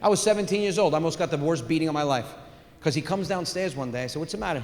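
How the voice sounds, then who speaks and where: A loud middle-aged male stand-up comedian performs a set on a theater stage before a live audience, his voice a little high and very fast. His storytelling is loud and animated, with live hall reverb and faint room noise in the recording.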